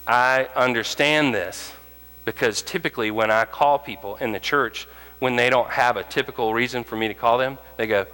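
Bright-voiced preacher in a reverberant hall. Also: male voice, on the low side, moderate pace. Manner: animated, acts out quoted voices. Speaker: pastor. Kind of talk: sermon.

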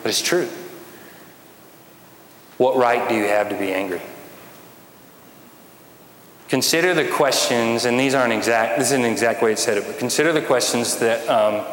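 A man's voice: medium pitch, normal speed, pauses often, a bit bright. Man preaching a sermon in an echoey hall. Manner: conversational, with wry humor and rhetorical questions. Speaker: pastor. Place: church sanctuary. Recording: echoey hall with faint room noise.

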